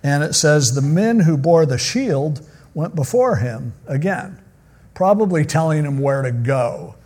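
A man's voice: fairly high pitch, lively intonation, measured pace, a little mellow, husky. A man preaching a sermon, retelling a Bible story in a casual, joking way. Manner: casual, joking storyteller who acts out quotes. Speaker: pastor.

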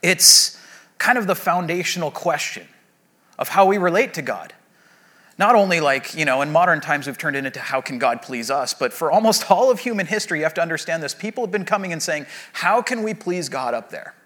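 Bright-voiced conversational male pastor. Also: a little high, expressive, fairly quick. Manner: conversational and anecdotal, with many fillers and restarts. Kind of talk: sermon.

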